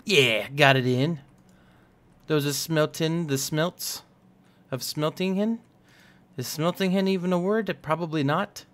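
A man's voice: on the high side, measured pace, fairly bright tone. A young man casually talking through a building game, rambling and poking fun at himself. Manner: rambling, self-mocking and jokey. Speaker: gaming channel host. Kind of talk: casual let's-play commentary.

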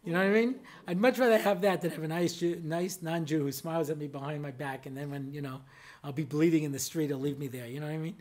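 Chatty American rabbi telling funny stories. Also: male voice, fairly high pitch, steady tone, fast, a little mellow. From United States. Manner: chatty, anecdotal, constant "you know" asides. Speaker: rabbi giving a public lecture. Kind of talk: humorous storytelling lecture.

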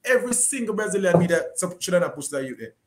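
A man's voice: high-pitched, animated, fast. A Jamaican man on a discussion panel, speaking with passion and repeating his points.

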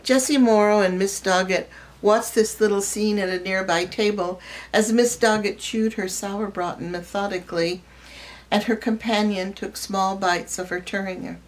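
A woman reads a short story aloud in a measured, expressive way. Her voice sits at an ordinary middle pitch for a woman. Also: low-quality recording. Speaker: reader.

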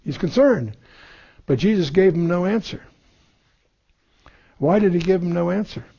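A man's voice: sits high, moderate pace, creaky, dark tone, slightly rough, lo-fi sound. A man giving a verse-by-verse Bible lesson, reading scripture aloud and then explaining it, with many fillers and restarts. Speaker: Bible teacher.

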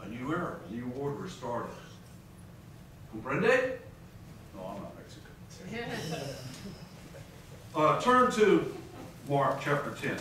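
High-voiced preacher in an echoey hall. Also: male voice, sing-song, slow, long pauses, a bit bright. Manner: reads scripture aloud and quizzes the congregation. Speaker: pastor. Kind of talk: sermon. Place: large conference hall. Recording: echoey hall, distant mic, faint noise.

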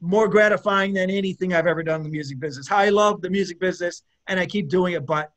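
A middle-aged guest musician chats at a quick pace in a high-sitting, slightly bright voice during a casual interview. He rambles along, frequently restarting and laughing.

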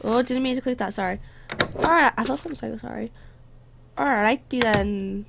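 A woman talks her way through a video game, bantering with the characters and sliding into playful mock accents. Her voice is a touch high and gravelly. Faint noise sits under the recording. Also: moderate pace. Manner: chatty, drifts into playful put-on accents. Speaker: gameplay commentator. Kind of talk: casual let's play commentary.

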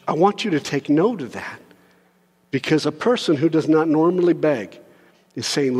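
A man with a notably high voice preaches from a church sanctuary, his words trailing into a long reverberant hall. He talks to the congregation casually and with humour, dropping to quiet asides and rising to loud, urgent pleading. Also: big pitch swings, measured pace, pauses often, husky. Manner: conversational and joking, swings from soft to loud pleading. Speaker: pastor. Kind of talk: sermon.

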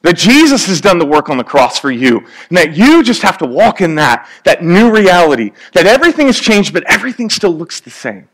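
Preaching a sermon in a conversational, joking way, a man acts out little scenes. His voice is on the high side with a fairly bright tone.

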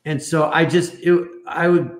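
A man's voice: a little high, steady tone, a little slow. A man telling a long story in a casual, rambling way, often restarting his sentences. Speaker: guest. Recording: echoey room.

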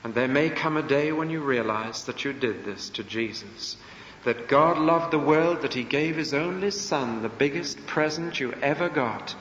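A man's voice: mid-range voice, moderate pace, a bit bright, slight background noise. A man preaching a sermon to a congregation, emphatic and full of rhetorical questions, recorded live in a church. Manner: emphatic, rhetorical questions, acts out quoted voices. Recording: echoey church hall, dull lo-fi.

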